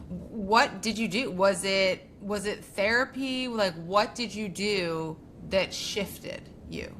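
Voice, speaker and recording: Slow, bright-voiced woman hosting a podcast. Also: medium pitch, slight background noise. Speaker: podcast host. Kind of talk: interview questions.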